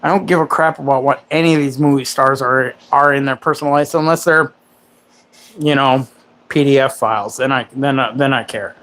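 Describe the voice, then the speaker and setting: A man's voice: mid-range voice, steady tone, brisk, fairly bright tone. A man in his forties hosting a livestream. He rambles in casual chat and makes crude, self-mocking jokes. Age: 40s. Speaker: livestream host.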